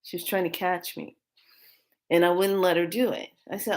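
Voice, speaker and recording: A woman's voice: lowish voice, steady tone, moderate pace. A woman vlogger telling a dream story casually and animatedly, laughing and acting out quotes.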